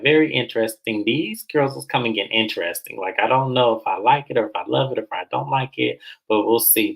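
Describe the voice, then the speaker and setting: A man hosting a casual reality TV recap, animated and chatty, slipping into high voices when quoting the cast. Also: low-quality recording. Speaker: host.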